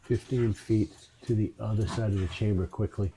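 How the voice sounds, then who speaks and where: A man's voice: fairly low pitch, steady tone, moderate pace, dark tone, a little hiss or hum. A man running a tabletop game as dungeon master, calling for dice rolls and narrating the action.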